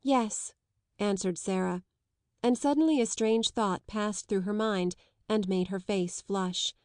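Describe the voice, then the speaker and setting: Female narrator for a classic novel, even and measured, dry close recording. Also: mid-range voice, no echo. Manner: measured, even literary reading. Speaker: audiobook narrator.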